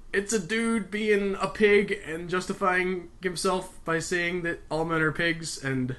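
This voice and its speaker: A young man giving a casual, comedic read-aloud of a book, breaking off often for sarcastic asides. His voice is bright, slightly high and forceful, and his rambling delivery stays loose and joking. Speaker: reader, host.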